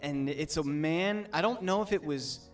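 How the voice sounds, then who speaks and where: A young man on a game stream, telling a story in an animated, rambling way. Game music sits faintly in the background. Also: fairly high pitch, unhurried, distant mic. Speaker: streamer co-host.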